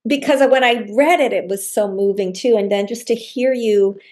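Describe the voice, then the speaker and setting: A woman's voice: on the high side, moderate pace, darkish tone. Effusive woman hosting a book circle. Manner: effusive, enthusiastic, grateful. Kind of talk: casual group discussion.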